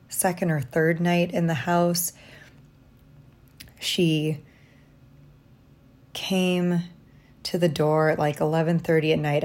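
A woman talking through a personal diary vlog from a hotel room, reflective and halting, tired after little sleep. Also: deep voice, gravelly. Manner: reflective, halting, soft-spoken. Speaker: vlogger.

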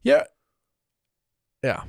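A man's voice: drawn-out words, darkish tone, no echo. A man in his thirties co-hosting a casual podcast chat, laughing often and acting out quotes in playful voices. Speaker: podcast co-host.

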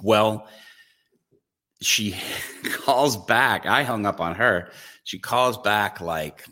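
A man's voice: on the low side, extremely slow, pushed and bright. A man, a guest evangelist, telling a story in a podcast interview, acting out his own reactions as he goes.

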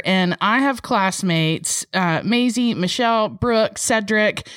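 A woman's voice: medium pitch, a little slow, hardly any pauses, a bit bright, no echo, clean studio sound. A woman, co-hosting a podcast in casual chat, laughing often and telling rambling stories. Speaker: podcast co-host.

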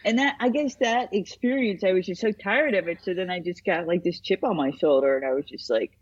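A woman's voice: fairly low pitch, a little fast, husky, muffled recording. A woman therapist in casual chat, telling stories animatedly and acting out the people she quotes.

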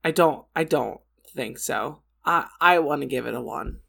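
A woman's voice: deep voice, normal speed, gravelly, fairly bright tone, husky. A woman co-hosting a casual movie review chat, blunt and cranky, swearing freely as she complains.

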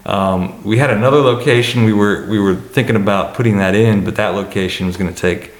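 Low-voiced man, halting and echoey. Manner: hesitant, many fillers and restarts. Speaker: college administrator. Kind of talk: panel discussion answer.

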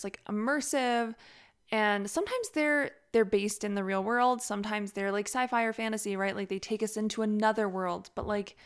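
A woman's voice: medium pitch, clear, resonant tone. A young woman hosting a casual solo podcast, chatty and rambling, with many "like"s and easy laughter. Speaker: podcast host and author.

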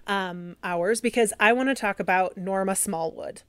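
A woman co-hosting a podcast in casual chat, chatty and quick to laugh. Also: medium pitch, a bit bright, smooth, dry recording. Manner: chatty, trails off, laughs a lot. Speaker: podcast co-host.

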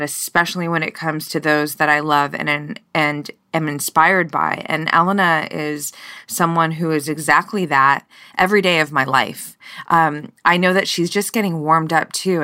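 A woman's voice: on the low side, pushed and bright, clean tone. A woman hosting a podcast in casual chat, effusive and gushing, swearing freely as she talks. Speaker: podcast host.

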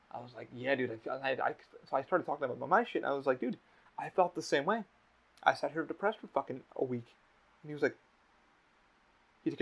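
A man's voice: medium pitch, quick pace, pauses often, fairly bright tone, husky. A young man hosting a podcast, talking emotionally in casual chat, swearing often and restarting his sentences. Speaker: podcast host.

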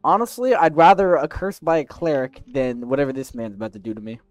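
A man's voice: mid-range voice, fast, no echo, faint music behind. A man playing a tabletop game, chatting casually with sarcastic jokes. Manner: sarcastic, joking, animated. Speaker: player.

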